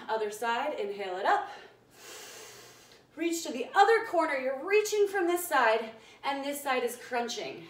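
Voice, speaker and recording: A young woman coaching a home workout over a phone livestream, upbeat and a little breathless as she counts reps and calls out to viewers. Her voice sits fairly high and her delivery is unhurried. The phone is set away from her in an echoey room. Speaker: fitness instructor. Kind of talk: live workout class instruction. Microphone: phone on a live stream. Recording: echoey room, mic far off.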